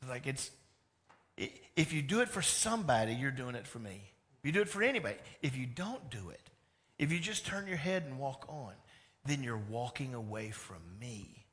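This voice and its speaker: A man preaching a sermon as pastor, animated, moving between loud emphatic lines and hushed ones. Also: mid-range voice, normal speed.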